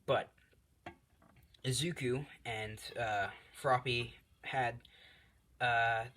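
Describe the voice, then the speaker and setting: Young male storyteller, improvised and rambling, filler-heavy, middle pitch. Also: steady tone, extremely slow, pushed and bright, a little hiss or hum. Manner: rambling, lots of fillers and swearing. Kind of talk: casual improvised fan story.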